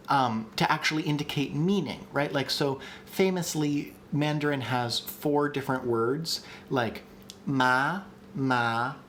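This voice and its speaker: A man at a middle pitch explains ideas in a casual, live-streamed lecture. He thinks out loud, pausing on fillers and restarting his sentences as he reads and answers chat questions. A faint hiss of background noise sits under his voice. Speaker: streamer teaching language creation.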